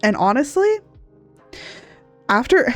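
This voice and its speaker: Woman, from Texas, recovering from illness, sniffly, unhurried casual stream chat, faint background music. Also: high-pitched, sing-song. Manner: rambling, chatty, self-deprecating, laughs often. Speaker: art streamer. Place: home streaming setup at a laptop. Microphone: desk mic, not a headset.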